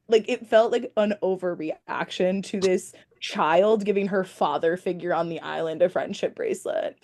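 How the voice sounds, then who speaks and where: A woman's voice: on the low side, moderate pace, hardly any pauses, a little mellow. A young woman co-hosting a podcast, chatting casually and laughing through her words. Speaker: podcast co-host. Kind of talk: casual recap chat.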